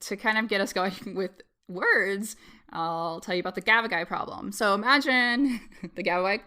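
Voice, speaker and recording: A woman's voice: mid-range voice, moderate pace, sharp tone. A woman interviewed on a podcast, explaining child language in a chatty way with lots of ums and likes and laughs between points. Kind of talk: casual explanatory chat.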